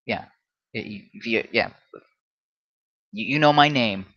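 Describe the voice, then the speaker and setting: A man's voice: on the low side, unhurried, a bit bright, dry recording, highs cut off. A man hosting a solo livestream, ranting combatively and often stumbling into restarts. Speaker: livestream host.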